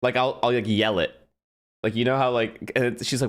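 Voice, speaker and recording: A male streamer chatting loosely with his viewers, in a voice of middling pitch. He rambles, jumps between stories and swears casually. His first language is Gujarati. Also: fairly even intonation, moderate pace. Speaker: streamer hosting a watch party.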